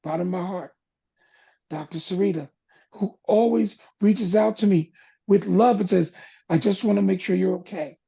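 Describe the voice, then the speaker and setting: A man hosting a panel talk, speaking with an impassioned, preacher-like cadence that drops low and soft for emphasis. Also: moderate pace, gravelly, slightly rough, highs cut off. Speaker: panel host. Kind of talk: impassioned talk-show monologue.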